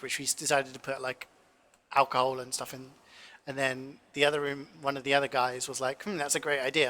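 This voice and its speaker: A man's voice: mid-range voice, pushed and bright. A man in his twenties, a cooking streamer, rambling through casual stories with lots of fillers and the odd swear in a home kitchen. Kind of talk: casual chat while cooking.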